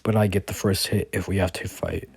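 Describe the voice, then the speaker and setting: A man's voice: deep voice, fairly even intonation, a little fast, creaky, a little mellow, breathy edge, no room sound, full character voice. A man voicing a brash, aggressive male hero in a fan-made spoken story, reading the quoted lines plainly.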